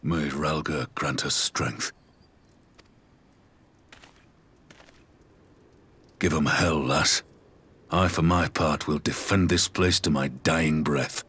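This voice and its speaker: A man voicing a gruff older male army commander who speaks in a deliberate, commanding way. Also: rumbling low, steady tone, a bit bright, voice pushed down, exaggerated voice. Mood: resolute. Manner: deliberate, commanding speech with old-fashioned phrasing.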